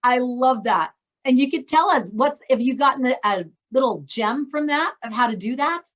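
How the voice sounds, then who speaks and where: A woman's voice: high voice, expressive, moderate pace. A middle-aged woman hosting a casual, faith-based talk on parenting. She is chatty and upbeat and acts out the things she says to her kids. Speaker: host. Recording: dull lo-fi sound.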